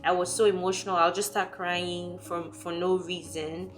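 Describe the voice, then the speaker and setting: A young woman from Nigeria, talking candidly and emotionally in a personal vlog, quick and full of fillers. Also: lowish voice, little pitch movement, faint music behind. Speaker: vlogger.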